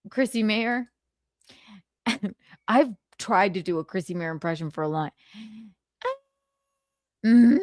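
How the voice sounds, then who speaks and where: Woman streamer, casual chat, lively up-and-down voice, slow delivery, dry close sound. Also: on the low side, creaky, no echo. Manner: giggly, trying out voice impressions. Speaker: livestream host.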